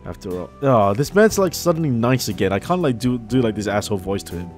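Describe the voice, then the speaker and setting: A man's voice: mid-range voice, big pitch swings, fast talker, hardly any pauses. A man hosting a casual game playthrough, reading dialogue aloud with chatty asides. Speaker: let's play host. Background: game music.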